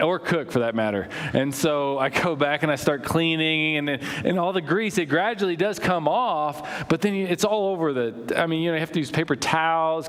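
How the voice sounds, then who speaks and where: A man preaching a sermon as pastor, conversational, full of anecdotes and restarts. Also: a little high. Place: church sanctuary. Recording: reverberant church hall.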